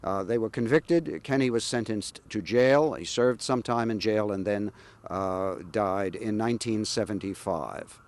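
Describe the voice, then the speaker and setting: A man sharing historical anecdotes about local politicians in a measured, pausing way. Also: fairly low pitch. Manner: measured, anecdotal with frequent "uh" pauses. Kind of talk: historical storytelling.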